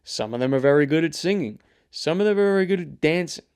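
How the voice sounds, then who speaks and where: A young man hosting his own show, rambling and swearing in a casual, animated rant. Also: on the high side, quick pace, smooth. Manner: rambling, profane, animated ranting. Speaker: show host. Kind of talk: casual solo commentary.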